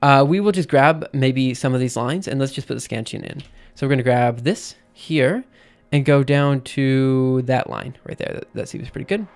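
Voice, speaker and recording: A man explaining things casually on a livestream, thinking aloud with frequent pauses and restarts. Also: medium pitch, gravelly. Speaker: streamer.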